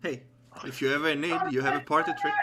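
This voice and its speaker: A man playing in a casual tabletop game, making quiet joking asides. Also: fairly high pitch, fairly even intonation, fast, a loud crowd. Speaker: player.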